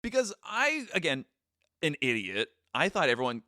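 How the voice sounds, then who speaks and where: Guy joking around on a podcast, bouncy swoopy voice, bright, dry close mic. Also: fairly high pitch, normal speed, no echo. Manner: joking, animated, self-deprecating. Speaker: podcast co-host. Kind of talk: casual chat.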